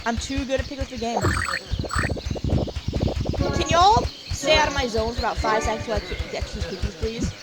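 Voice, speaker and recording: A woman's voice: fairly high pitch, moderate pace, long pauses, heavy background noise. A woman hosting a let's play, giving casual, rambling commentary and playfully trash-talking the game's enemies. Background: loud game music.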